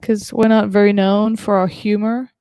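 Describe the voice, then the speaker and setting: A woman's voice: mid-range voice, flat delivery, normal speed, warm tone, clear, resonant tone, dry recording. A woman from Germany doing a stand-up comedy set over a video call, chatty and self-deprecating with many fillers.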